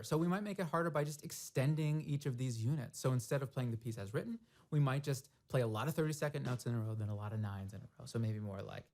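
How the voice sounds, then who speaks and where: A man's voice: mid-range voice, darkish tone. Man teaching snare drum technique. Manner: thoughtful, explains step by step, vocalizes rhythms. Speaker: percussion teacher. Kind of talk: instructional demonstration.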